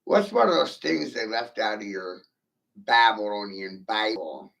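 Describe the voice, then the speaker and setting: A man's voice: fairly low pitch, expressive, a little slow, creaky, fairly bright tone. A man ranting on a livestream, profane and provocative, firing rhetorical questions at his viewers. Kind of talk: rambling livestream rant.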